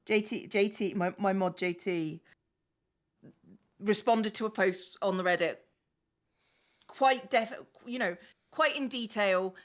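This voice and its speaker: Relaxed chatty woman on a stream. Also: medium pitch, slow pace, long pauses. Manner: relaxed, chatty, thanks viewers. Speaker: guest streamer. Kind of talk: casual chat.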